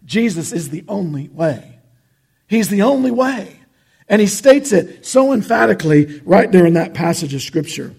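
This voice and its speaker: A pastor preaches in an earnest, conversational way, stumbling and restarting as he goes. His voice sits high for a man and has a gravelly, husky edge. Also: animated, normal speed, darkish tone. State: choked up with emotion. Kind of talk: sermon.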